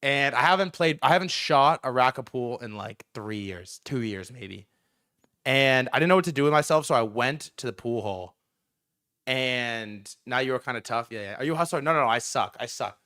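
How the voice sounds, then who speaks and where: Young man, livestream host, casual storytelling, bright forceful tone, dry close sound, lots of fillers. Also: moderate pace, dry recording. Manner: animated, lots of fillers and repeats, jumps high when quoting himself.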